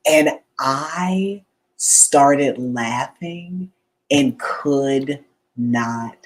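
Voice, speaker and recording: A woman's voice: a bass voice, slow pace, rough recording. A woman, a guest writer, telling a funny story in a panel chat and laughing as she goes. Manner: lively, laughing retelling.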